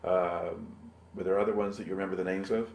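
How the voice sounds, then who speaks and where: Deep, gravelly male interviewer. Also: quick pace, slight background noise. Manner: patient, steady questioning with short affirmations. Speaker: oral history interviewer. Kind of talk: interview questions. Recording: roomy room sound.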